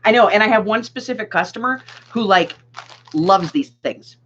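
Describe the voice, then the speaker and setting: A woman's voice: medium pitch, animated, normal speed, slightly rough. A woman with a sore throat chatting casually with viewers while packing bags for her craft shop, laughing often. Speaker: craft shop owner and vlogger. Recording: dull lo-fi sound with faint hiss.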